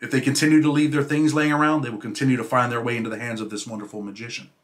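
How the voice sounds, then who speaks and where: A man reads his own memoir aloud at a medium pitch, in a steady, even storytelling voice. His sentences tend to trail off softer at the ends. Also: racing. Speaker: host reading his own prison memoir. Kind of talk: memoir reading.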